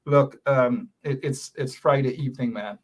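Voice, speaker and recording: A man's voice: medium pitch, moderate pace, slight background noise. A man hosting a talk show, talking casually and emotionally, rambling and half joking as he asks listeners to pray for him. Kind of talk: casual live-stream talk.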